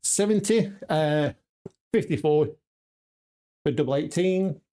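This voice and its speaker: A man's voice: fairly high pitch, slow pace, dark tone. A man on a casual live stream, practicing darts and muttering checkout numbers to himself, then chatting with viewers. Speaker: darts vlogger. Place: home darts room.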